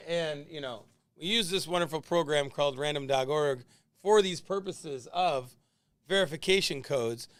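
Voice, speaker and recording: A man runs a late-night sports card break livestream, opening boxes, greeting viewers by name, and laughing easily in casual chat. His voice is fairly high and fairly bright at a measured pace with no echo, and he calls it whiny himself.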